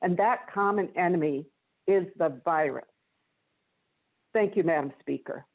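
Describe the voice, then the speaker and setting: A woman's voice: on the low side, a little slow. A woman legislator with a Minnesotan accent speaking earnestly and insistently from home in a floor debate by video call. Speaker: state legislator. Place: her home. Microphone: remote video call. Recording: tinny phone-like remote audio.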